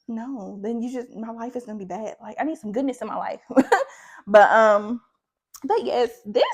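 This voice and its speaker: A young woman chatting casually in a faith vlog, rambling, saying "like" often and laughing between thoughts. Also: medium pitch. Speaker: faith vlogger.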